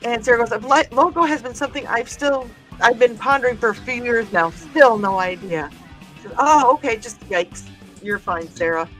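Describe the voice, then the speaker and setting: A woman's voice: a little high, normal speed, fairly bright tone, faint music behind. A woman hosting a livestream in casual chat, reading viewer comments aloud and laughing often. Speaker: livestream host.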